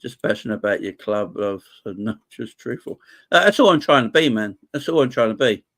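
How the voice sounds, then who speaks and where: A man's voice: lowish voice, lively intonation, fairly quick, fairly bright tone. A man who has a wife and kids, hosting a live fan chat stream about football, passionate and emotional, and often repeating himself. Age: adult, married with kids. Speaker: fan channel host.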